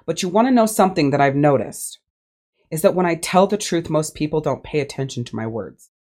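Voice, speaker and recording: A woman's voice: low voice, animated, a little fast, dark tone. A woman hosting her own podcast as a life coach, talking bluntly and emphatically and swearing freely in a candid solo monologue.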